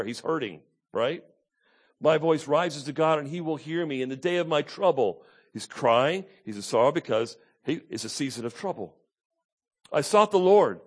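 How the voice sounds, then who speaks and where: A pastor preaches a sermon, dropping into low, quiet asides before rising to loud, high, pleading tones as he voices the psalmist.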